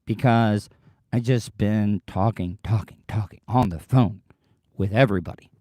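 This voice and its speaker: A man hosting a livestream podcast in a rambling, excitable chat, his voice strained and tired, swearing casually. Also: on the low side, normal speed, dry recording, clean studio sound. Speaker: podcast host.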